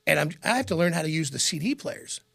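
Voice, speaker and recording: A man's voice: a little high, fast talker, vocal fry, husky. A middle-aged man with a Midwestern American accent, telling stories in a casual interview and acting out the voices of people he quotes. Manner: animated storyteller, acts out quotes, laughs often. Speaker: radio host and guest.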